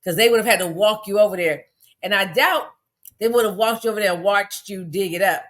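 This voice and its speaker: A woman's voice: medium pitch, a little fast, a bit bright. A woman delivering an angry, profane rant on a livestream, firing off rhetorical questions. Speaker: commentator. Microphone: phone.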